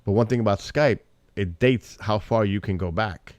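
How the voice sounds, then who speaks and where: A middle-aged man runs his own live stream in a low voice, chatting loosely and drifting from thought to thought. The sound is close and dry, with no room around it. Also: normal speed, dry recording. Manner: rambling, talks to chat and family, breaks into loud exclamations. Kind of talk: casual live stream chat.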